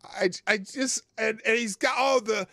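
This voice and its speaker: A man's voice: sits high, measured pace, vocal fry, sharp tone, dry recording, clean studio sound. An American man hosting a casual political commentary livestream, profane and rambling, laughing often. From United States. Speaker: host.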